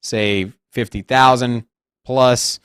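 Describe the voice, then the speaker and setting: Measured male crypto co-host. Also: medium pitch, steady tone, fairly bright tone, clear, resonant tone, no room sound, studio quality. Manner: measured, thinking aloud with fillers. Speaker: co-host of crypto news show. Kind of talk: casual market commentary.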